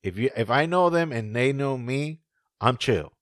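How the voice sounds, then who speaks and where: A man co-hosting a podcast in casual chat, animated and profane, laughing often. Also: mid-range voice, normal speed, no room sound, studio quality. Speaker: podcast co-host.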